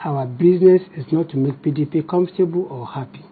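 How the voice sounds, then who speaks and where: A Nigerian-accented man answers a TV interviewer as party spokesman. His voice is husky and sits a little high. He argues combatively and fires off rhetorical questions, heard through thin, phone-like broadcast audio. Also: quick pace.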